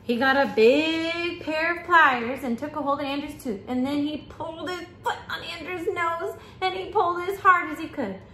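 A woman, a preschool teacher, reading a picture book aloud to children with animated, exaggerated storytelling. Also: sits high, moderate pace, few pauses. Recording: echoey room with faint hiss.

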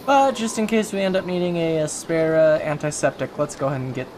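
Chatty, jokey male gamer, slightly high voice. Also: fairly quick, a little mellow, a little hiss or hum. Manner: chatty, jokey, talks to himself while playing. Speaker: gaming YouTuber. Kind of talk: casual let's-play commentary.

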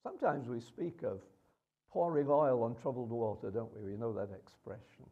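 A man's voice: medium pitch, moderate pace, slightly rough, phone-quality sound. A man preaching a sermon in a conversational way, with rhetorical questions and hesitations.

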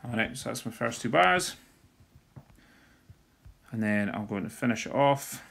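A man's voice: medium pitch, expressive, measured pace, creaky, background noise. A man, teaching drumming theory in a screen-recorded walkthrough and talking as he writes. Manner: talks while writing, sings drum rudiments softly.

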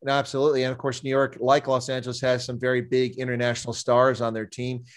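A man's voice: medium pitch, monotone, quick pace. A male interview host with a mid-range voice. He talks in a friendly, chatty way, filling gaps with "uh" as he moves between questions. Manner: friendly, chatty, with frequent "uh" fillers. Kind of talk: casual interview.

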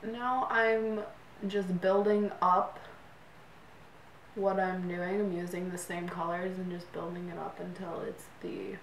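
A woman's voice: lowish voice, flat delivery, slow pace. A young woman vlogger chatting casually through her makeup routine, rambling with many fillers, recorded on a camera mic from a distance. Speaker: beauty vlogger. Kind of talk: get-ready-with-me makeup chat. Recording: roomy echo, distant mic, faint noise.

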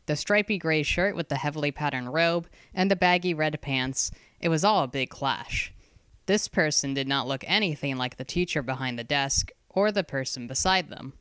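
An audiobook narrator reading a fantasy novel in measured, scripted narration. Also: mid-range voice, a bit bright, smooth, dry recording, studio quality.

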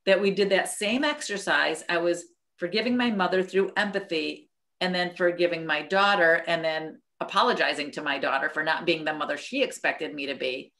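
A woman's voice: fairly low pitch, a bit bright. Earnest middle-aged woman sharing reflectively. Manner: earnest, reflective, with many restarts. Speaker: study group leader. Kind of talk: personal sharing in a group video call.

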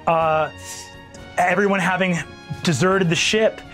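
A man's voice: high voice, steady tone, a little slow, fairly bright tone, soft background music. A man running a tabletop game as game master, narrating with many ums and uhs. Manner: hesitant, full of ums and uhs.

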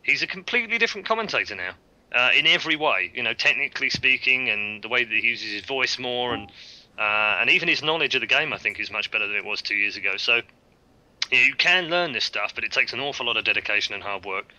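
A very bright, forward voice from a man who talks quickly. He is an esports commentator explaining things in a measured way on a panel, and the sound is dull and lo-fi. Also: mid-range voice, lively intonation. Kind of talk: panel discussion.

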